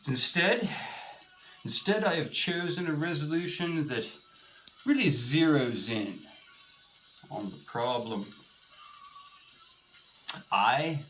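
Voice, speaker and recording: A man hosting a mock-dramatic comedy monologue, swinging between hushed menace and shouting. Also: on the high side, lively intonation, slow pace, pauses often, soft background music, low-quality recording. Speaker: comedic host.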